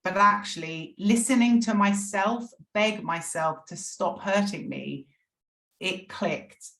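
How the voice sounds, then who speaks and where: A middle-aged woman opens up as a podcast guest about her own story. She speaks earnestly and with feeling, often restarting her sentences. Her voice sits at an ordinary pitch, and the room around her sounds echoey. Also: takes it slowly, gravelly, fairly bright tone. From England. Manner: earnest, emotional, frequent restarts. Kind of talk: candid personal recovery story.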